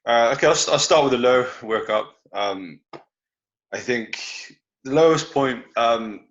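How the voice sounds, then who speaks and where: A male wrestler, recounting career highs and lows hesitantly, with many fillers. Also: a little slow. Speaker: wrestler guest. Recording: dull lo-fi audio.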